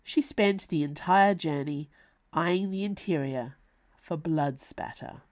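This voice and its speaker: A woman reading her own novella aloud in expressive, lively scripted narration. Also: sits low, slow.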